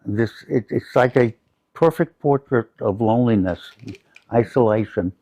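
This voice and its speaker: A man's voice: mid-range voice, unhurried, mellow, no echo, low-quality recording. An older man from the United States, a guest in an interview, telling personal stories in a reflective, anecdotal way.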